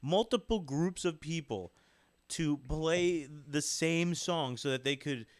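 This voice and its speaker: A man's voice: on the high side, takes it slowly, dry recording. Rambling man co-hosting a music podcast. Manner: rambling, explanatory, many fillers. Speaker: podcast co-host. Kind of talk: casual chat. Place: home studio in New York City.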